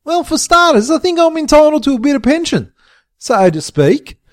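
A shouting, scheming older crook played by a man, his voice pushed high and swinging all over the place. He swears constantly and bosses everyone around. The sound is dry and close. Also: sing-song, moderate pace, no echo. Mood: bossy. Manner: shouting, foul-mouthed, demanding. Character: loud bossy scheming older male crook.

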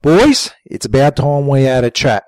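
A man playing a scheming, menacing man who taunts in a calm, sly way. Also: medium pitch, moderate pace, no room sound, natural voice.

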